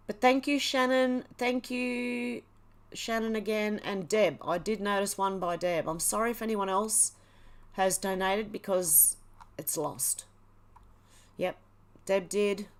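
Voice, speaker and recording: A woman's voice: mid-range voice, fairly even intonation, slow pace. A woman, hosting a casual livestream, reading headlines and viewer comments in a chatty, exclaiming way and laughing often. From Australia. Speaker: livestream host.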